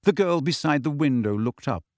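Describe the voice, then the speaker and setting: A man reading a fantasy novel aloud in a steady, expressive storytelling manner. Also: a little high, normal speed, dry recording, studio quality. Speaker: audiobook narrator. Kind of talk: scripted fantasy novel narration.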